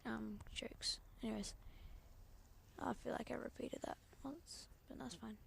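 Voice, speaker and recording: Scottish woman streamer, gravelly, rambling chat that slips into half-whispers, faint background hum. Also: a little high, steady tone, a little slow, fairly bright tone. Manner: rambling and chatty, often dropping to a half-whisper. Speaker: live planespotting streamer. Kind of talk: casual live-stream chat.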